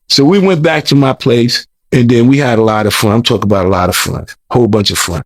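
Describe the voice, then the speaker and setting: A man's voice: mid-range voice, quick pace, few pauses, no room sound. A man telling a long story as an interview guest, rambling, repeating words, and talking in loose slang. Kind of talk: casual storytelling.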